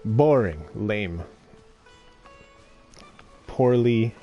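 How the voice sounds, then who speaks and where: A man's voice: fairly low pitch, lively intonation, extremely slow, lo-fi sound, faint music behind. A man in his thirties chatting casually on a game stream, rambling with many fillers and restarts, swearing freely and chuckling often. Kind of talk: casual live-stream chat.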